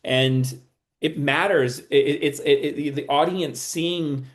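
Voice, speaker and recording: Man, TV writer guest, casual interview talk, halting, many restarts. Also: fairly high pitch, fairly even intonation. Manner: halting, restarts a lot while thinking.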